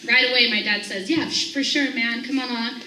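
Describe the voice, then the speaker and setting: High bright young woman telling a story. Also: a little fast, slight background noise. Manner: animated storyteller acting out quoted voices. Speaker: staff member sharing a morning thought. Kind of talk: casual storytelling to a group. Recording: echoey room, voice from a distance.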